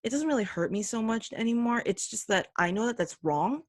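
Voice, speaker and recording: A young adult woman hosting a solo podcast, talking earnestly and emphatically, now and then mimicking other people in quick put-on voices. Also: a little high, expressive, no room sound, studio quality. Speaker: podcast host. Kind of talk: opinionated solo commentary.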